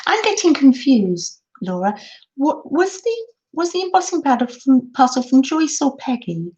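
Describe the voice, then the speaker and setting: A woman's voice: sits high, very animated, normal speed, darkish tone. An older woman hosting a craft livestream, chatting affectionately with viewers and reading out comments in a gushing, exclamatory way. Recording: dull, lo-fi stream audio with faint noise.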